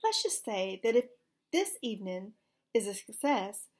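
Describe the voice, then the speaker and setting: Woman reading calm clever dog, measured and polite, husky edge. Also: mid-range voice. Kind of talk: storybook read-aloud.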